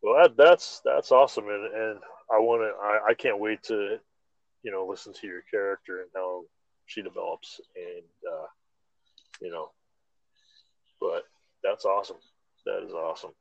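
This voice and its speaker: A man hosting a casual chat, excitable and full of stammered restarts. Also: lowish voice, normal speed, vocal fry, long pauses, no echo. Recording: slightly dull lo-fi audio.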